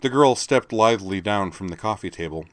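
This audiobook is narrated by a man with a lowish voice whose storytelling is even and measured. The recording sounds dry.

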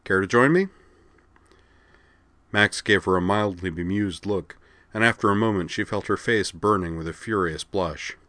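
A man narrating an audiobook in a steady, even reading. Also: low voice, moderate pace, dry recording.

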